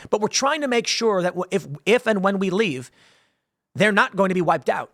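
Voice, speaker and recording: A man's voice: high-pitched, expressive, fairly quick, fairly bright tone, no room sound, studio quality. A man giving opinionated political commentary as a host, talking emphatically and rambling, sometimes acting out other people's voices.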